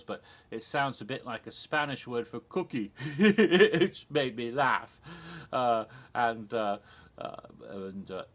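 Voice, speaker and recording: A man's voice: on the low side, a bit bright. A man casually telling theme park history on his own, rambling and digressive, with many ums and restarts. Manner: chuckles at his own jokes. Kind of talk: casual solo storytelling.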